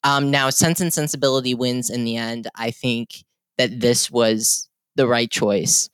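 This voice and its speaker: A man's voice: mid-range voice, steady tone, a little slow, a bit bright, clean tone, dry recording. A man co-hosting a casual film discussion, chatty and opinionated, with frequent fillers and restarts. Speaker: podcast co-host.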